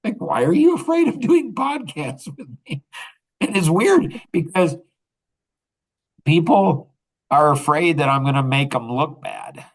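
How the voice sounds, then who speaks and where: A man's voice: mid-range voice, low-quality recording. An older man hosting a podcast, talking in a rambling, casual monologue full of restarts and laughter. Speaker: podcast host.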